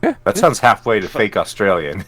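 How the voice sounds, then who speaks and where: A laid-back man in a casual group voice chat. His voice is very deep and moves lively in pitch. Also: brisk, a crowd in the background.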